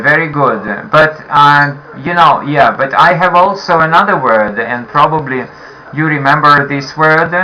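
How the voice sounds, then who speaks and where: Slow, patient male English teacher. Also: mid-range voice, pushed and bright, muffled recording, slight background noise. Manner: slow, patient, repeats questions and waits for answers. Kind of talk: online class for beginners.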